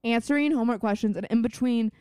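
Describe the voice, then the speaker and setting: A woman's voice: a little high, fast talker, warm tone, clean tone, dry recording, clean studio sound. A woman co-hosting a podcast, recapping a TV episode in casual chat with wry jokes and frequent giggles. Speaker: podcast co-host.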